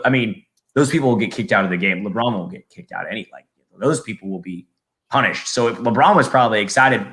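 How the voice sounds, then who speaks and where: A man's voice: lowish voice, sharp tone. A man on a live podcast over a video call, rambling and often restarting his sentences. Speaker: podcast guest. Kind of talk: casual live podcast chat.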